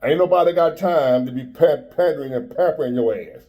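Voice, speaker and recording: Blunt motivational guy in his 50s, street talk, mellow dark voice. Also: a little high, brisk. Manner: blunt, preachy, street-talking. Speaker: motivational speaker. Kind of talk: motivational monologue.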